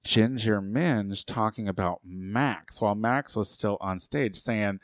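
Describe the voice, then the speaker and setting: Animated gossipy man on a podcast. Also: on the low side, unhurried, hardly any pauses, no room sound, studio quality. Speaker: podcast co-host. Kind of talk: casual chat.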